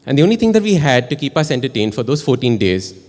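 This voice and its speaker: Animated Indian man telling a story on stage. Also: medium pitch, fast talker, long reverb tail. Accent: Indian English. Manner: animated, chatty, asks the audience questions. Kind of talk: live storytelling performance. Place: stage in a performance hall.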